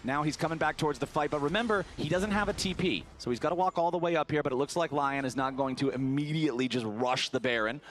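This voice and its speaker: A man calling esports play-by-play, rapid and building excitement through the fights. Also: a little high. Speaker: play-by-play caster.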